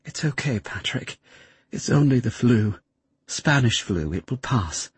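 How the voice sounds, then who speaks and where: Storybook heroine: soft, gentle, feverish young woman, read by a man, husky tone. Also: mid-range voice, lively intonation, a little slow, no echo. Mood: tender. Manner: soft, comforting.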